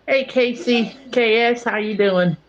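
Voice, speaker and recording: A woman's voice: fairly high pitch, measured pace. A woman in a casual livestream chat, giggly and greeting viewers by name. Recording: dull lo-fi stream audio.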